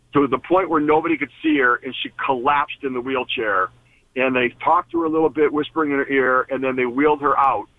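A man's voice: fairly high pitch, gravelly, no room sound. A man who is a guest and former team executive, telling an earnest story in an interview and often restarting and repeating words. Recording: tinny phone line on radio.

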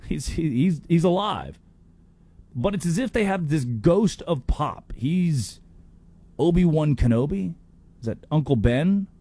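A man hosting a sports talk show, delivering animated, opinionated commentary with quick restarts. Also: on the high side, slightly rough.

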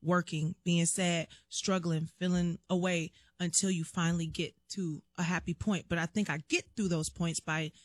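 A woman's voice: lowish voice, steady tone, moderate pace, few pauses, no echo, studio quality. A woman guest chatting in an interview, telling stories animatedly, acting out quotes and laughing often. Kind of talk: casual interview chat.

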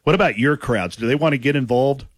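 A man's voice: mid-range voice, husky, no echo. A man hosting a radio interview, easygoing and agreeable, asking casual questions. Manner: easygoing, lots of "yeah" and quick laughs. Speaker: radio host interviewing a comedian.

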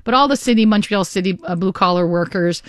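A middle-aged woman hosting a radio car show, talking in a chatty, energetic, caffeinated way into a studio mic. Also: medium pitch, fast talker, no room sound. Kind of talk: upbeat radio talk. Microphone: studio microphone.

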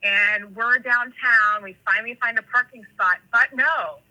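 A woman from California telling animated, rambling stories in casual chat, full of tangents and fillers. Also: on the high side, a little slow, highs cut off.

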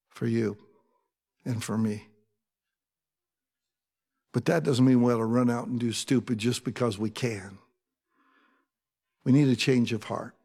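Animated male pastor preaching in a hall. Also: mid-range voice. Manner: conversational, animated preaching with asides to the congregation. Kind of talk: sermon.

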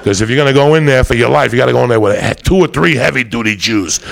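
Gravelly man telling a profane story. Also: medium pitch, fast talker, few pauses, a crowd in the background. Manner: animated, profane, jumps into loud put-on voices for quotes.

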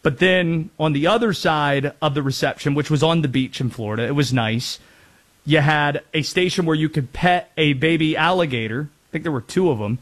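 A man's voice: on the high side, moderate pace, fairly bright tone. A man from North Carolina hosting a casual sports talk show, chatty with rambling asides. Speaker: sports radio host.

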